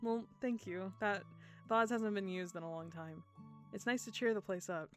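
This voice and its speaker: A woman reading aloud as a shy, kindly young woman farmer, speaking softly and hesitantly in a visual novel. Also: medium pitch, moderate pace, faint music behind, close to an everyday voice.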